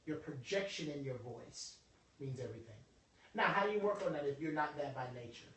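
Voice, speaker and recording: A man giving a joking, animated motivational workshop talk to a group. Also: on the high side, fairly quick, far from the mic, slight background noise. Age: adult over twenty-five. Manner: animated, joking, preacher-like delivery. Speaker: motivational speaker. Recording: echoey room, voice from afar.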